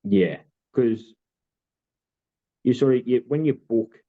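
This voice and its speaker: A man's voice: medium pitch, takes it slowly. A man, co-hosting a podcast and telling a long story in casual chat, full of fillers. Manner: rambling storytelling with many fillers. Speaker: podcast co-host. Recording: tinny phone-like sound.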